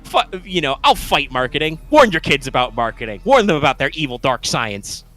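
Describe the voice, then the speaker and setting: A man's voice: fairly high pitch, sing-song, a little fast, a bit bright. A young man co-hosting a live stream, chatting casually in a rambling, self-interrupting way with frequent swearing. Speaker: co-host of a live stream show.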